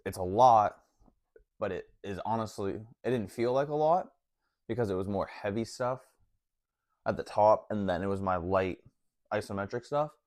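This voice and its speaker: A man's voice: fairly low pitch, moderate pace, long pauses, darkish tone, no echo, clean studio sound. A man vlogging about fitness in a casual, slangy way, full of "like" and "honestly.". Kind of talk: casual talk to camera.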